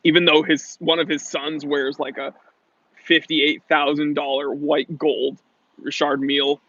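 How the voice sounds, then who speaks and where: A man's voice: on the high side, little pitch movement, measured pace, bright, forceful tone, lo-fi sound. A man hosting a casual livestream Q&A about watches, playful and chatty, reading out viewer comments. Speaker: watch channel host. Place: Los Angeles.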